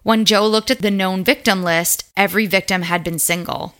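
A woman's voice: medium pitch, fairly even intonation, normal speed, a bit bright. A woman co-hosting a podcast, telling a ghost story and chatting casually, with fillers and the odd swear. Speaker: podcast co-host.

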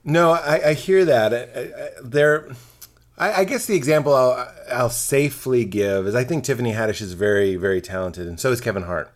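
A man's voice: mid-range voice, normal speed. A man chatting casually on a podcast, swearing freely and acting out mocking impressions of other people. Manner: animated, profane, mocking impressions.

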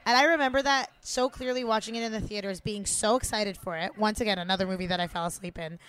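A woman's voice: medium pitch, steady tone, fast, fairly bright tone, smooth. A young adult woman from Canada, co-hosting a podcast and talking through a film in blunt, opinionated, casual commentary, laughing often. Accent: Italian-Canadian. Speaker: podcast co-host. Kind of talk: casual movie-watching commentary.

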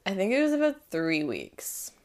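A woman in her twenties telling a personal story as a podcast guest, chatty and animated, full of fillers. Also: mid-range voice, normal speed. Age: 20s. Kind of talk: casual storytelling.

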